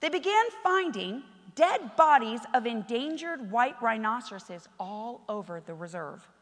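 In a church, a woman preacher delivers an impassioned sermon, her slightly high, animated voice moving a little slowly. She swings from hushed asides to shouted exhortation, with a long reverb tail trailing her words.

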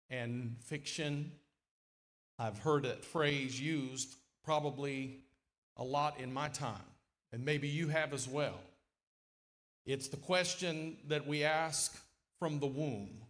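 A middle-aged man preaching a sermon in a church, folksy and lively, with sudden loud, emphatic swells. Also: mid-range voice. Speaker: guest preacher. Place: church sanctuary.

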